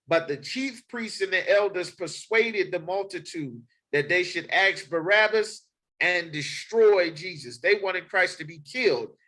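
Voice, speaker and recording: Emphatic high-voiced male street preacher. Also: pushed and bright, rough recording. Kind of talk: sermon with scripture reading.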